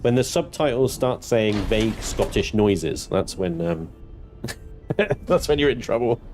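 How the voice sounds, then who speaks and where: A man's voice: animated, a little slow, darkish tone, soft background music. A young adult man from Britain casually chatting with viewers during a game livestream, laughing often and swearing freely. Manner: chatty, swearing, laughing, mock-indignant high squeals. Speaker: gaming livestreamer.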